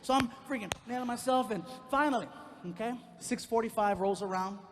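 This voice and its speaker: A male stand-up comedian telling a personal story on stage, animated and acting out each person in it. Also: very high voice, brisk. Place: comedy stage in a large venue. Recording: live hall with faint noise.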